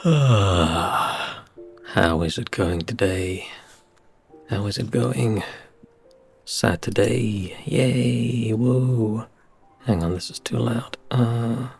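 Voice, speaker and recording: A man chatting casually on a game stream, rambling and sighing with self-deprecating remarks, his soft speech slightly mumbled, into a desk microphone at his home setup. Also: on the low side, drawn-out words, creaky, long pauses, husky, faint music behind. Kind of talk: casual live-stream chat before gameplay. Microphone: desk microphone with compressor and equalizer.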